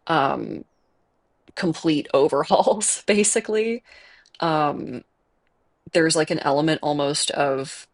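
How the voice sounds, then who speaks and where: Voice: medium pitch, vocal fry. A game streamer with a Chicago accent, chatting casually and rambling with lots of fillers while playing. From Midwest United States. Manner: rambling and chatty, with many fillers and self-aware laughs. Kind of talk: casual live-stream chat while gaming. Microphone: earbuds with a desk mic setup.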